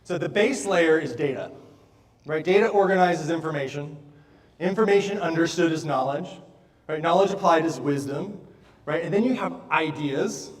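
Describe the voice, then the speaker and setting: A motivational speaker works the stage of a large hall, telling energetic stories peppered with "right?". His slightly high voice comes through a distant mic, full of the room's echo.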